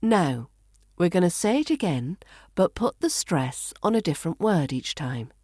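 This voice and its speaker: Brief: British woman accent coach, low-ish voice with animated pitch, dry sound. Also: breathy edge, dry recording. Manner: slow, deliberate, demonstrates stress and pronunciation. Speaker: accent coach and podcast host. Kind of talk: scripted podcast lesson.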